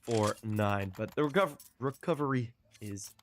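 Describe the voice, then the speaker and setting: A man casting a live match with play-by-play commentary, excitable and quick to exclaim between calls. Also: fairly low pitch. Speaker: esports caster.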